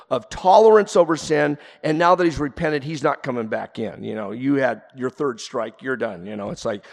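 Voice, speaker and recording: Gravelly-voiced preacher man in a reverberant hall. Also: medium pitch. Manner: earnest preaching, rising to emphatic peaks. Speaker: pastor. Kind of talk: sermon.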